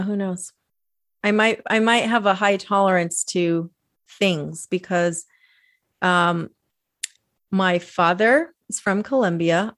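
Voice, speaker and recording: Woman, slightly low pitch, casual podcast chat, rambling storyteller, many fillers. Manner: chatty, storytelling with lots of fillers and laughs.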